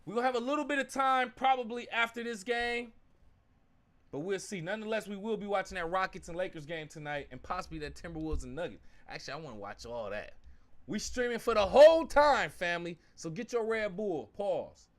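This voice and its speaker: A young man runs a casual live stream, calling the game as he watches it. His voice sits high and swoops all over the place. He drops from muttered asides into full shouts, and he says "fam" and "bro" a lot. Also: fairly quick. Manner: excitable, swings from mumbling asides to shouting at the game; uses slang like fam and bro. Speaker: live-stream sports watch-along host.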